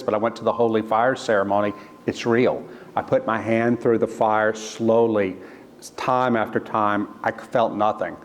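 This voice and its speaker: A man, an author, telling a personal story in an earnest, halting way, restarting phrases and quoting other people. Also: on the low side. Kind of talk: storytelling talk. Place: church. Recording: long church reverb.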